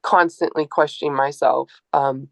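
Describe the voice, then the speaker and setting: A woman's voice: low-pitched, fairly even intonation, normal speed, vocal fry, dry recording. Earnest woman in her forties, dry sound. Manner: earnest, open, with frequent um and uh. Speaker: author and educator speaking to an audience. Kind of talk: candid personal talk at a book event. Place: room with a live audience.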